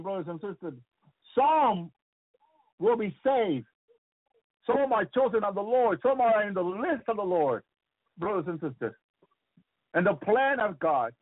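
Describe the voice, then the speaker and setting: A man's voice: high-pitched, no room sound. A man preaching a fervent sermon about his visions, breaking in with hallelujahs and repeating words as he goes. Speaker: radio preacher. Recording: tinny phone-like radio sound.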